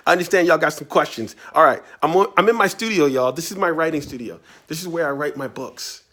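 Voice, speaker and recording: Man, bright voice, slightly high, playful casual Q&A chatter. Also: fast talker. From Tidewater Virginia, US. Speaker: author answering reader questions. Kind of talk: casual video Q&A. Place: his writing studio.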